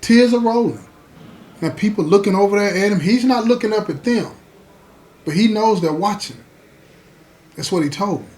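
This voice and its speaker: High-voiced man telling a story. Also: expressive, normal speed, long pauses, darkish tone. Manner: folksy, repeats "you know what I'm saying". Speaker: podcast host. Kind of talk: conversational storytelling.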